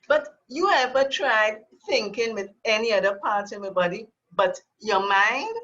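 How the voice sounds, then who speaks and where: Woman, Trinidadian accent, prepared humorous speech, slow deliberate delivery, lo-fi call audio. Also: fairly high pitch, a bit bright. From Trinidad and Tobago. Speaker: speaker at an online club meeting. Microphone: video call.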